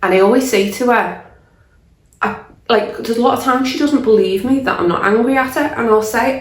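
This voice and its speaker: A woman's voice: a little high, normal speed. A woman, a life coach, talking candidly and earnestly to camera, often restarting her sentences as she thinks aloud. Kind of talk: casual talk to camera. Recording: roomy echo.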